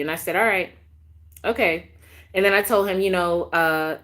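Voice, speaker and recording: A woman in her thirties telling a dating story on a casual live stream, animated and emphatic, repeating phrases for effect. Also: medium pitch, moderate pace.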